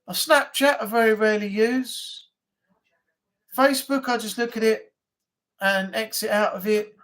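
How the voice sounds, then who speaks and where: A host of a casual weekly live chat, talking in a loose, rambling way. They drift from topic to topic and often break into laughter at their own stories. The pitch sits in a middle range. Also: fairly even intonation, a little slow, a bit bright. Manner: rambling, chatty storytelling. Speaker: livestream host.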